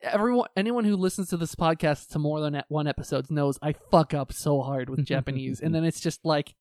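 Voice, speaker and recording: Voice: mid-range voice, a little fast, few pauses, dry recording, clean studio sound. A podcast co-host chatting casually, swearing often and ranting with energy about shows they love and hate. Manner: profane, animated ranting.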